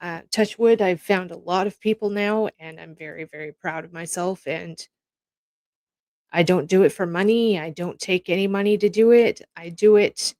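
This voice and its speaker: A woman's voice: on the low side, steady tone, normal speed, a little mellow, no room sound. A woman from Canada hosting a casual commentary from home, telling stories in a rambling, heartfelt way that verges on tears. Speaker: host reacting to news clips.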